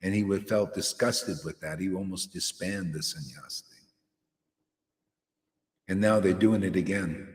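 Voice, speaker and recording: A man's voice: low-pitched, measured pace, long pauses. A man giving an informal, confrontational devotional sermon, rambling and often asking "see?" to his listeners. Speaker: preacher. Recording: echoey hall with long reverb.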